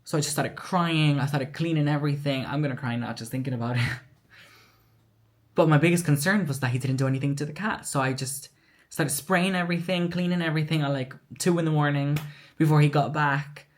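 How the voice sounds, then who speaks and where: A woman's voice: sits low, brisk. A woman telling a personal story in a candid, emotional vlog, acting out what others said. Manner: candid, emotional retelling with quoted dialogue. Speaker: vlogger.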